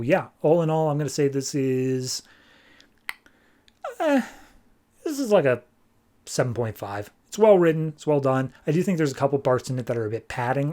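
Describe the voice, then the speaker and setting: Male podcast host, relaxed comic review, mid-pitched voice, easygoing delivery. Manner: animated retelling with quick voiced asides. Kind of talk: casual comic recap.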